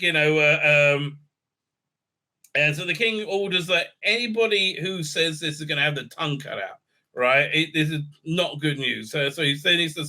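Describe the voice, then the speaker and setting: A man's voice: fairly high pitch, sharp tone. A man hosting a casual TV episode recap, rambling and joking with many stammered fillers. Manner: rambling, full of stammered fillers and repeated "right?"; irreverent, joking. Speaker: show recap host.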